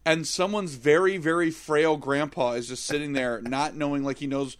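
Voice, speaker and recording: Higher-pitched man, crude and joking. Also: fairly even intonation, moderate pace, clean tone. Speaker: podcast co-host. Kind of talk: casual chat reviewing a film.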